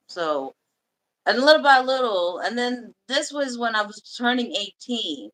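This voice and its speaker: Woman on a livestream, bright sharp voice, cursing a lot, telling her story in bursts. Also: on the high side, expressive, poor audio. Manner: blunt and profane; emotional, halting confession. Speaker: livestream host. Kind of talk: candid personal storytelling.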